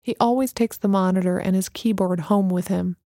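A woman voicing a calm, mystical woman who speaks in a serene, knowing, unhurried way. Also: medium pitch, no echo, clean studio sound, lightly acted.

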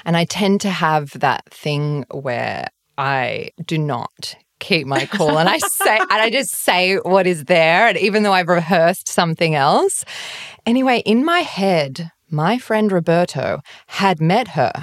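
Animated woman guest telling a story, low voice. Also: a little slow, no echo, clean studio sound. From Australia. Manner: animated storytelling, acting out her own dialogue. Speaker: guest author. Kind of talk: podcast conversation.

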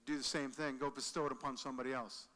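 Preacher with a bright voice in a reverberant hall. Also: male voice, medium pitch, fast talker. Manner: animated, acts out quoted lines, drops to quiet emphasis. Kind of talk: sermon. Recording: long reverb of a large hall.

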